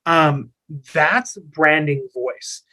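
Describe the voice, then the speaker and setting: A man's voice: on the high side, very slow, bright, forceful tone, low-quality recording. A man who is a guest on an interview podcast, talking casually about his business, with a rambling, filler-heavy way of talking.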